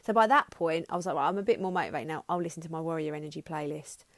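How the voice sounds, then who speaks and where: Talking very fast in a low voice, a thirtysomething podcast host gets frank and emotional about her personal life. The recording has no room sound, and her monologue is full of restarts with some swearing mixed in.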